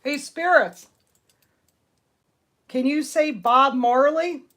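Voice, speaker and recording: A woman hosting a live stream, talking out loud to spirits and greeting her viewers. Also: high voice, slow. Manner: excitable, talks out loud to spirits. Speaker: livestream ghost hunter.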